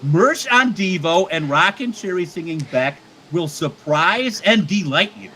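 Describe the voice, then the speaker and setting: A man's voice: high voice, animated, a little slow, sharp tone, slight background noise, rough recording. A man co-hosting a casual livestream chat, rambling and joking with many stammered restarts. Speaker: co-host.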